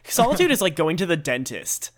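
A man's voice: on the high side, wildly swooping pitch, a little fast. A man chatting as a guest on a casual review podcast, reflective and given to acting out silly quotes.

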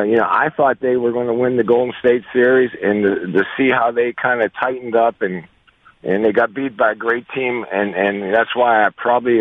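A man calling in as a guest coach on a sports radio show, answering slowly with many restarts. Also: mid-range voice, dry recording. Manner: hesitant, many restarts, measured. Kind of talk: sports radio phone interview. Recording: tinny phone line.

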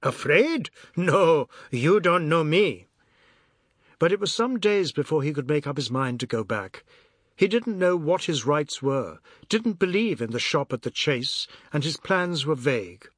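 A man narrating a novel in a measured storytelling manner. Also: fairly high pitch, very animated, dry recording. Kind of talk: audiobook narration. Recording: dry close studio sound.

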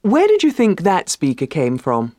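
A man's voice: high voice, huge pitch swings, moderate pace, a little mellow, dry recording, studio quality. A man presenting a listening quiz, encouraging and praising the answers. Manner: encouraging quizmaster. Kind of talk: scripted lesson quiz.

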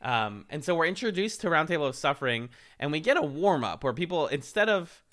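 A man co-hosting a podcast, recapping a reality show in casual chat, animated and laughing often as he acts out quotes. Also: a little high, fairly quick.

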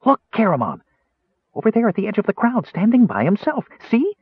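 A man voicing a small, excitable male kender who talks eagerly. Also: high voice, brisk, husky, no room sound, pitched above the performer's own voice, full character voice. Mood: excited. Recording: narrow tinny phone-like audio.

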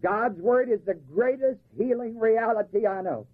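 A man preaching a sermon. He reads scripture, asks the congregation to fill in the missing words, and slows down to stress key phrases. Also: high voice, husky. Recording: tinny lo-fi recording.

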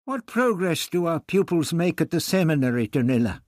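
A man voicing a calm, measured male priest who speaks quietly. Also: fairly high pitch, dry recording, studio quality, voice pushed up. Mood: gentle.

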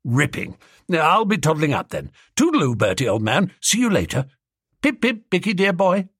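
A man voicing a cheerful, chummy young gentleman who talks in a breezy way. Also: a little high, huge pitch swings, normal speed, husky, no room sound, clean studio sound, exaggerated voice.

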